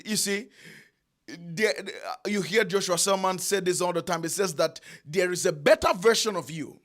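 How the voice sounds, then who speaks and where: A man preaching a sermon, emphatic, repeating phrases and drawing out key lines with long pauses. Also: high voice, a bit bright.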